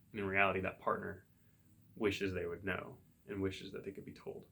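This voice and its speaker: A man, a psychotherapist hosting his own show, thinking aloud in a relaxed solo monologue with everyday examples. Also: low voice, a little fast, gravelly. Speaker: psychotherapist podcast host.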